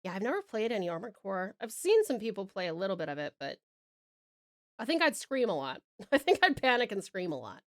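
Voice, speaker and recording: In a mid-range voice with big pitch swings and a slightly fast pace, a young Australian woman draws on stream, reading chat aloud and greeting viewers with pet names. She's bubbly and giggly throughout; the studio-quality recording has no room sound.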